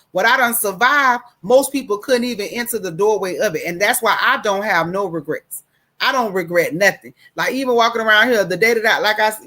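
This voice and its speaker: A woman's voice: mid-range voice, pushed and bright. A middle-aged woman hosting a talk show, giving an emphatic, preachy monologue and calling listeners baby. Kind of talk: casual monologue.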